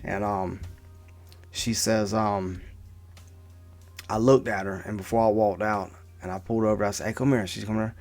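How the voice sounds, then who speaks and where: Guy in his 30s rambling thru a story to camera, lowish voice, keeps going "right?", faint music under it. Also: steady tone, moderate pace, long pauses, darkish tone. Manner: rambling, repeats "right?" and restarts. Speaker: vlogger.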